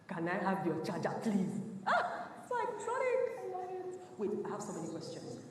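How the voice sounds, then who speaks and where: A woman voicing a gushing, ignorant young woman who asks condescending questions in a shrill voice. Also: wildly swooping pitch, unhurried, echoey room, long reverb tail, distant mic.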